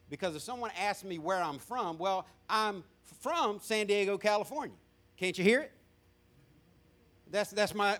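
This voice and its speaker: Southern man, middle-aged pastor, folksy sermon storyteller, bright tenor voice. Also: sits high. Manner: folksy storytelling with repeated restarts. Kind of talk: sermon testimony. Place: church sanctuary with congregation.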